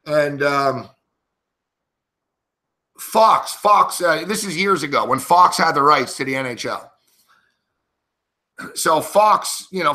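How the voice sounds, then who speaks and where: A man's voice: medium pitch, sharp tone. A man commentating on a sports betting show, telling a rambling story and breaking into a heated, profane rant full of swearing.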